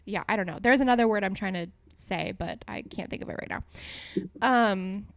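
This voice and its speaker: A woman's voice: medium pitch, normal speed, no room sound. A young adult woman hosting a solo podcast, talking casually and rambling, with lots of fillers and self-corrections. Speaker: podcast host.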